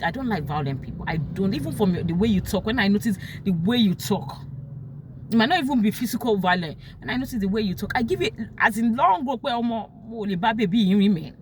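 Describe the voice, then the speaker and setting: A young woman with a Nigerian accent talks through a personal story, emotional and open, and she acts out other people's words in sharp, raised tones. Her pitch sits in the middle and moves a lot. A faint noise of vehicles runs behind her. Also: lively intonation, quick pace.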